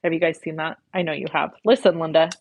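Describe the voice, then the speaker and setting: Husky-voiced woman chatting while crafting. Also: deep voice, little pitch movement, fast talker, no echo. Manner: chatty, reads viewer comments aloud, cusses casually. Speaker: card-making livestream host. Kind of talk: casual chat while crafting live.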